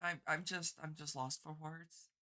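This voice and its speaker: A woman chats on her live stream, her voice stuffy and teary after a long cry. She talks haltingly and trips over her words. The tone is bright and sharp-edged. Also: low-pitched, steady tone. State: teary and congested from crying. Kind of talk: casual live-stream chat.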